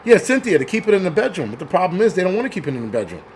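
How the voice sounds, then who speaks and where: A man rants angrily and crudely as the host of his own stream. His voice sits a bit high for a man. He talks in a blunt, profane, mocking way. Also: sing-song, rapid-fire, slight background noise. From New York. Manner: angry, crude, mocks others in put-on voices. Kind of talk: profane livestream rant.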